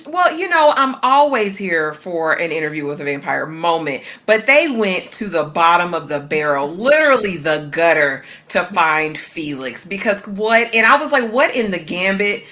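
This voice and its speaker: A woman co-hosts a casual TV recap in a lowish, bright, crisp voice. She is blunt and opinionated, with dry sarcastic jabs. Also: big pitch swings, moderate pace, hardly any pauses. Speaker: co-host on a recap panel.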